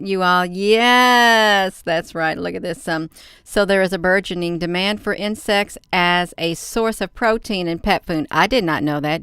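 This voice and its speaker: Female host, casual live-stream commentary, talks straight to viewers, smooth voice, dry room. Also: fairly low pitch, fairly bright tone, dry recording. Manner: chatty, laughs often, addresses viewers as "you all". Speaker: livestream host. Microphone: phone.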